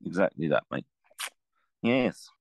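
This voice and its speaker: A low-pitched Englishman chats loosely with friends on a video call. He laughs a lot and restarts his sentences. His voice sits close and dry, with no room sound. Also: big pitch swings, slow, vocal fry, no echo. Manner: chatty, laughs often, stumbles and repeats words. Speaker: podcast co-host. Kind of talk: casual chat among friends.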